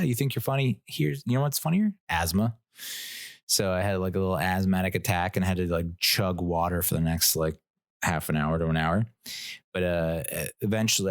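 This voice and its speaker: A man's voice: low-pitched, no room sound, studio quality. A man hosting his own podcast, telling a rambling, self-mocking story and laughing at his own jokes. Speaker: podcast host. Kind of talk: casual solo podcast storytelling.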